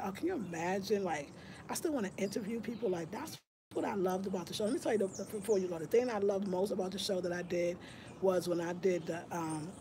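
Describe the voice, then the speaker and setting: A woman hosts her own vlog in a loose, rambling way, breaking off mid-thought and starting over. She sounds excitable and animated. Steady noise and outdoor ambience run clearly behind her voice. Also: mid-range voice. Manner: chatty, rambling, excitable, self-correcting. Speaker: vlogger, home decor channel host. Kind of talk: casual vlog chat.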